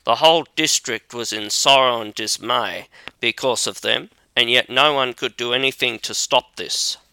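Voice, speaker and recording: A man reading a fairy tale aloud as an audiobook narrator, measured and deliberate, on a close mic. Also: medium pitch, vocal fry, sharp tone, clear, resonant tone, no echo. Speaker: audiobook reader. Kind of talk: scripted storybook narration.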